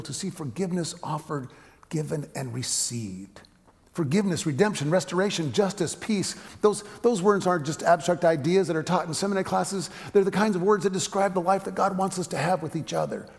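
Gravelly man preaching in a reverberant hall. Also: fairly high pitch. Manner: storytelling with rhetorical questions, drops to a hushed voice. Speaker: pastor. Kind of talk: sermon.

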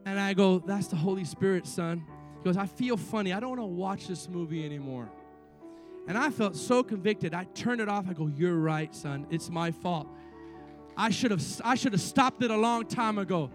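Faint music plays beneath a middle-aged man's sermon as he preaches at normal speed in a voice that sits high. He's the pastor, weaving in stories while his intensity climbs toward repeated impassioned pleas.

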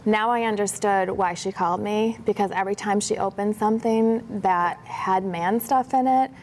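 A woman's voice: medium pitch, normal speed, slight background noise. A woman, a professional organizer, telling stories in a casual interview and acting out the dialogue in a livelier voice. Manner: animated, acts out dialogue in a brighter voice.

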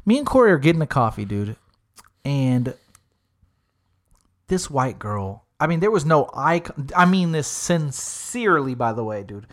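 A man's voice: medium pitch, very animated, measured pace. A young man telling a funny story in casual chat, swearing freely and acting out the voices of the people he quotes.

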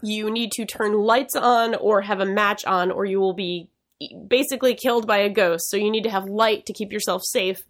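A woman's voice: medium pitch, steady tone, normal speed. A woman co-hosting a podcast, chatting casually with frequent laughs and restarts. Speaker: podcast co-host. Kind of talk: casual chat.

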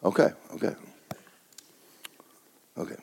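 A man's voice: slow pace, a little mellow, slight background noise. A male pastor, preaching a sermon in a folksy, humorous way.

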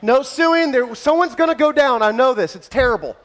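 A man pastor running a playful contest in front of his church, joking and shouting with excitement, then winding down out of breath with a scratchy throat. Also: very high voice, brisk. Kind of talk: lively church service hosting. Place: large church hall with congregation.

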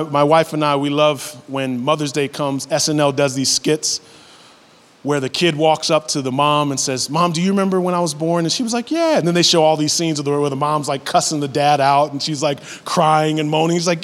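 A man with a notably high voice preaches a sermon, climbing into high, animated passages as he makes his points. His voice carries a long hall reverb around it. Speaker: pastor.

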